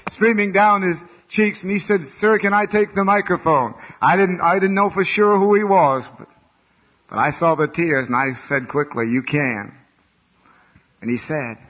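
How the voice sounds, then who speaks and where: A male preacher delivering a revival sermon, swinging from hushed, quiet lines to loud, fervent outbursts. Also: mid-range voice, slightly rough. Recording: dull lo-fi recording.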